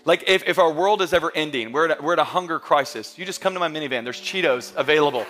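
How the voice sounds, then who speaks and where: Bright-voiced pastor preaching emphatically. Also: male voice, a little high, very fast, few pauses. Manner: emphatic, rising to near-shouting peaks; storytelling with humor and quoted voices. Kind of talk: sermon.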